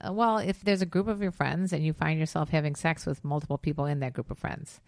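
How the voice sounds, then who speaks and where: A woman's voice: low voice, steady tone, vocal fry, darkish tone, no echo, clean studio sound. An older woman co-hosting a comedy podcast with her son, chatty and blunt. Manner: blunt, chatty, quick to laugh. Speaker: podcast co-host. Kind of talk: casual chat.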